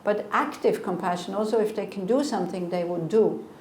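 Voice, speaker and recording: A woman's voice: mid-range voice, brisk, darkish tone. A woman in her sixties, a Buddhist teacher, giving a conversational dharma talk and answering questions with earnest rhetorical asides. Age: 60s. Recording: echoey room, faint noise.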